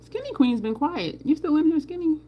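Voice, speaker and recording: A woman hosting a casual livestream, chatting while she does her makeup. Her voice sits a little high and swings widely as she talks. She reads viewers' comments aloud and answers them as she goes. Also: sing-song, brisk, lo-fi sound. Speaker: livestream host.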